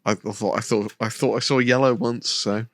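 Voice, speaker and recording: A man's voice: medium pitch, steady tone, moderate pace, a bit bright, no echo. A man co-hosting a podcast in casual chat, given to teasing, sarcastic asides. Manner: laughs often, dry teasing asides. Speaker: podcast co-host.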